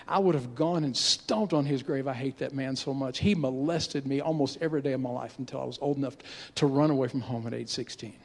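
Man softly doing a grief-stricken woman, quiet, halting, low, older male performer, reverberant hall. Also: natural voice. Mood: bitter. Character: grief-stricken woman confiding painful past.

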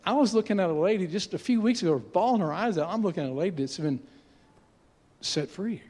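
A pastor in his sixties telling a story in a sermon, in animated, conversational delivery with frequent restarts, in a church sanctuary. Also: sits high, quick pace. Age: 60s. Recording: long reverb of a large hall.

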